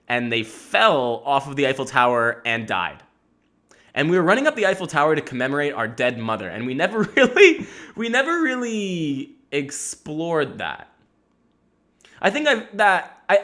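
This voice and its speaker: A man hosting a casual solo podcast, rambling through stories in an animated way, with frequent swearing and laughter. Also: mid-range voice. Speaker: podcast host.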